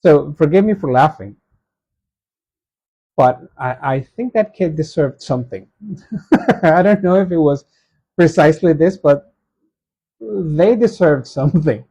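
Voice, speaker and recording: A man's voice: on the high side, lively intonation, unhurried, pauses often, mellow, husky. A man in his thirties reading submitted stories aloud and reacting with laughing asides. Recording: dull lo-fi sound.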